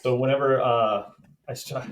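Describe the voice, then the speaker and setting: A man co-hosting a podcast and running its quiz games, chatting casually and rambling in quick bursts. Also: mid-range voice, fairly even intonation. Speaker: podcast co-host and game master.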